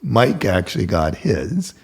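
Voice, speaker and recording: A man's voice: on the low side, sing-song, unhurried, creaky, darkish tone, breathy edge. An older man, a guest telling stories casually and acting out the dialogue, swearing freely. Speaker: guest contractor. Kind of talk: casual storytelling.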